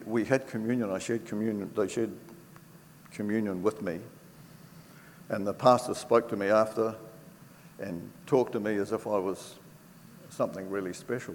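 An older man giving a personal faith testimony to an audience, telling it earnestly and from the heart, with pauses and restarts. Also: lowish voice. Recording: reverberant hall with faint background noise.

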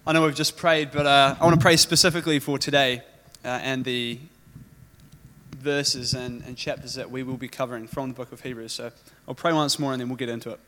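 A man's voice: medium pitch, flat delivery, a little fast, bright, forceful tone. A man preaching a sermon, opening with a prayer and telling a story with joking asides. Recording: echoey hall reverb.

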